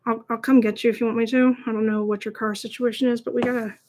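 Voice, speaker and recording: A woman's voice: on the high side, flat delivery, fast, a little mellow. A woman chatting casually and a bit self-deprecatingly with viewers of her live stream while she paints at home, often breaking into giggles. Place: home, at a laptop.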